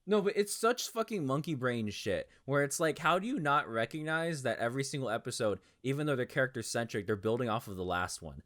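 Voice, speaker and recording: A man on a podcast talking casually about an anime episode, rambling, excitable and full of swearing. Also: medium pitch, a little fast, hardly any pauses. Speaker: podcast co-host.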